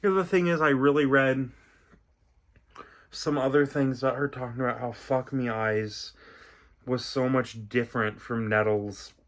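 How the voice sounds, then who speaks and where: A young man hosting a music reaction video, talking in a soft, reflective way and rambling with many fillers. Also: medium pitch, fairly even intonation, moderate pace. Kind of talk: casual reaction commentary.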